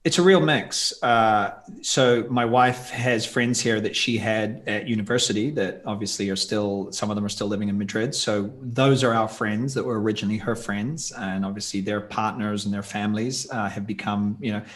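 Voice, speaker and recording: A man's voice: fairly low pitch, steady tone, moderate pace, few pauses. A man talking in a casual podcast interview as a guest, thoughtful and rambling with many asides.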